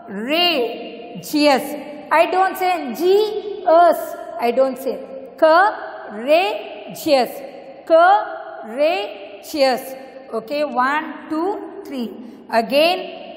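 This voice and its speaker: High-voiced teacher, slow and echoey. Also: female voice, fairly bright tone. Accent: Indian English. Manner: slow, spells words letter by letter and repeats them. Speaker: school English teacher. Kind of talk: classroom lesson. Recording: echoey room with long reverb.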